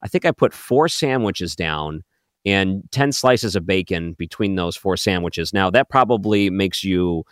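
A man's voice: low voice, a little slow, dry recording, clean studio sound. A male radio host who talks in an upbeat, playful way and teases his guest. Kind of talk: radio interview. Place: radio studio.

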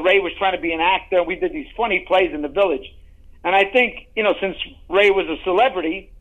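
A middle-aged man, an actor, telling rambling, animated anecdotes in a casual interview, often restarting his sentences. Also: high-pitched, low-quality recording. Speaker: guest, actor.

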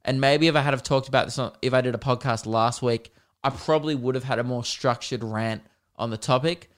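A man's voice: medium pitch, fairly even intonation, brisk. A man hosting a podcast alone, telling an exasperated and sarcastic story in a casual rant. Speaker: podcast host.

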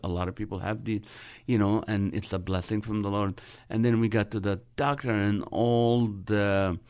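Male comedian guest, very low voice, dry close studio sound, animated storyteller. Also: normal speed, smooth, dry recording. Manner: animated storyteller, acting out dialogue. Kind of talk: storytelling with humor in a radio interview.

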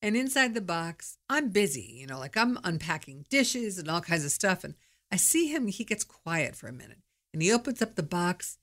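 This podcast host is a middle-aged woman telling stories in a casual, candid monologue. She has a lowish, sing-song voice with a slightly bright quality, delivered at a moderate pace.

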